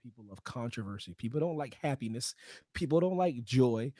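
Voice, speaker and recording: A man hosting a casual wrestling podcast, animated, swinging between loud and quiet. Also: medium pitch, fairly quick, no room sound, clean studio sound. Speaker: podcast host.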